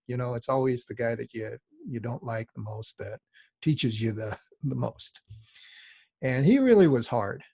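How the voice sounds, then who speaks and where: A middle-aged man with a gravelly edge to his voice, lecturing a class in a loose, conversational way. His pitch sits in an ordinary middle range, and the sound is dry and close. He wanders into asides as he teaches. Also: a little mellow, no echo. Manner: rambling, conversational, frequent asides. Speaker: design teacher. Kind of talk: lecture with casual storytelling.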